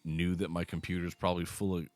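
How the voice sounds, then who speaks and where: A man's voice: deep voice, flat delivery, fast talker, darkish tone. A man in his thirties, a podcast host, telling rambling, profane stories in casual chat. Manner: rambling storyteller, swears a lot.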